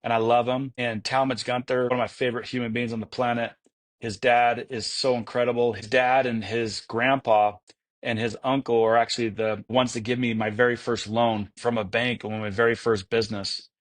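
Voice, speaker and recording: This man is a guest in a casual interview. He tells his stories with real enthusiasm, but he rambles and keeps restarting his sentences. His pitch sits in a typical middle range for a man. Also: flat delivery, moderate pace. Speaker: guest, entrepreneur.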